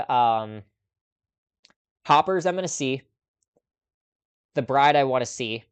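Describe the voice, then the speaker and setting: A man's voice: mid-range voice, expressive, takes it slowly, clean tone. A man hosting a casual live movie chat stream, talking off the cuff with frequent little laughs and ums. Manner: chatty, laughs often, lots of ums. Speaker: host.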